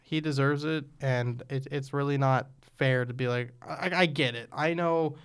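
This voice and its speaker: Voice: mid-range voice, fairly even intonation, smooth. Heated ranting sports podcast host. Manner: heated, ranting, quick to swear. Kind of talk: casual sports chat. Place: podcast recording.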